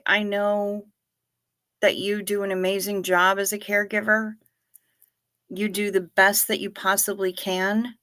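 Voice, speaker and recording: A woman hosting a casual livestream, reading viewer comments in a gentle, sympathetic way. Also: medium pitch. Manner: slow, gentle and sympathetic, talking to chat. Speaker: livestream host.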